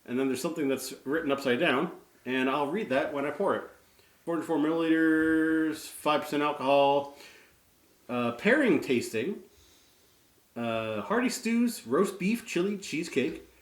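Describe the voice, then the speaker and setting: Lively high-pitched man, playful. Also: moderate pace. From Canada. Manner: playful, teasing, reads labels aloud. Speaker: co-host. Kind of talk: casual beer-tasting chat. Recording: echoey room.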